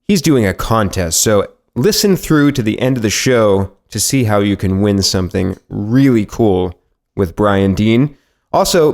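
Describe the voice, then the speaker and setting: An upbeat man from Massachusetts hosting a marketing podcast, introducing the episode and chatting with his guest in a self-deprecating way. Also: lowish voice. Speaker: podcast host.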